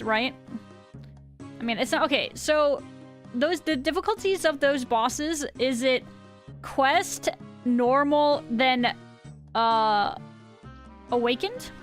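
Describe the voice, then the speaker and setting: A woman in her thirties with a slightly high, somewhat bright voice streams a game, rambling casually as she answers her chat. She sounds slightly sick.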